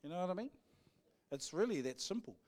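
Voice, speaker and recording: A man's voice: sits high, sing-song, brisk, a little mellow. A man with a New Zealand accent preaching a live church sermon in a playful, cheeky way, acting out back-and-forth conversations. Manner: playful, cheeky, jokey with the congregation; acts out back-and-forth dialogues. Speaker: pastor. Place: church service.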